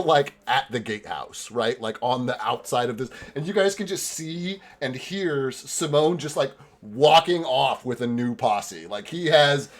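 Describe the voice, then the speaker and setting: A man running a tabletop game as game master, narrating loosely with many fillers and casual swearing. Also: medium pitch. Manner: rambling, filler-heavy, swears casually, laughs a lot.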